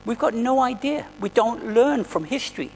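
A man's voice: very high-pitched, expressive, moderate pace, vocal fry, big-room sound, a little hiss or hum, poor audio. A man preaching a sermon in a church, earnest and conversational, often restarting his phrases. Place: church hall.

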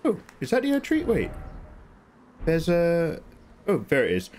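A man streaming a game, talking to his viewers in a playful, joking way. His pitch leaps up and down a lot as he reacts. There is a faint noise under his voice. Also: huge pitch swings, unhurried, a little mellow. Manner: joking, teasing, chats back to viewers. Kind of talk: live gameplay commentary.

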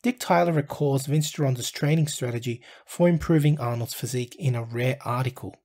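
Husky-voiced man narrating a documentary. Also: mid-range voice, a little mellow. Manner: measured storytelling delivery. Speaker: documentary narrator and channel host.

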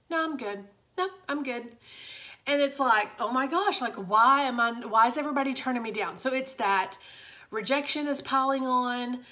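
A woman's voice: on the high side, sharp tone. A young woman, chatting casually and confidingly to viewers in a motivational vlog from her home office. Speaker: direct sales director.

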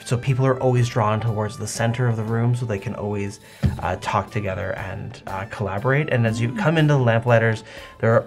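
A man running a tabletop game, describing the scene in a halting, descriptive way. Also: mid-range voice. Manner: halting, descriptive narration with many restarts. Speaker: game master.

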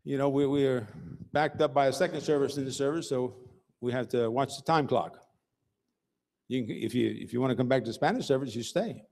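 A man's voice: medium pitch, brisk, gravelly, darkish tone. A man preaching a sermon as pastor, emphatic and rhythmic, throwing out call-outs like "Hello?" and "Huh?" to the congregation. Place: church sanctuary. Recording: long reverb of a church hall.

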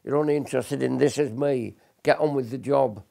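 An older British man, a military veteran, recalls combat in a documentary interview. His mid-range voice is brisk, creaky and mellow, and he speaks bluntly and earnestly, often restarting his sentences.

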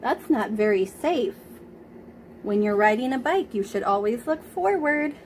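A woman reads a picture book aloud to preschoolers, taking her time over each line. She speaks gently and keeps stopping to ask the children questions, in a fairly high voice. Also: lively intonation, a little slow, slight background noise.

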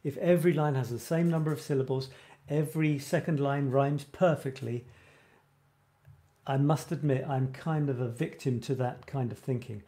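Hosting a creative writing show, a man chats casually on a live stream in a dark, mid-range voice. He rambles, often cutting sentences short and laughing at himself.

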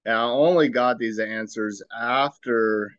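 A man hosting a podcast, giving a reflective spiritual talk in a slow, musing way and asking himself rhetorical questions. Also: mid-range voice, fairly even intonation, fairly bright tone, no room sound, muffled recording. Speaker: podcast host.

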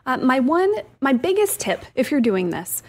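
A woman's voice: high voice, big pitch swings, moderate pace, a little mellow. A woman co-hosting a radio show, upbeat, explaining tips step by step. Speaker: co-host. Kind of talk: casual radio show chat.

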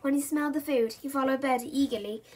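A woman reads a children's chapter book aloud in a high voice. Her narration is expressive and playful, and it leans into the dramatic beats. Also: fast talker. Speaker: reader.

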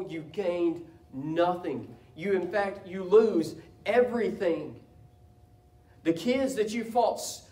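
A man preaching a sermon as pastor, impassioned, his delivery swelling into loud cries. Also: high-pitched. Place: church sanctuary. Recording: echoey church room from a distance.

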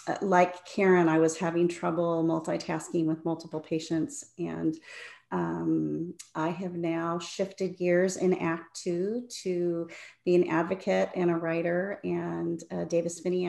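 A woman's voice: lowish voice, creaky, a little mellow. A woman in her fifties from Portland, Oregon, introducing herself on a panel, earnest and hesitant with fillers. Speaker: advocate and writer. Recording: echoey room.

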